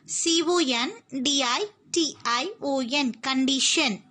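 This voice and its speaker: A woman's voice: high voice, takes it slowly, sharp tone. A young woman teacher, giving an online lesson to children and spelling each word out letter by letter.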